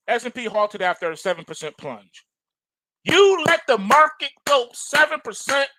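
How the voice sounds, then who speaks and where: A man's voice: very high voice, moderate pace, no echo. A male trading show host giving emphatic, slangy market commentary to his viewers, insistent and repetitive. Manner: animated and insistent, repeats phrases for emphasis; slangy, addresses viewers as folks.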